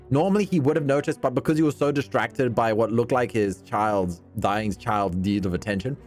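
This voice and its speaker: A man narrating as game master of a tabletop game, lively and quick to laugh, with frequent restarts. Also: medium pitch.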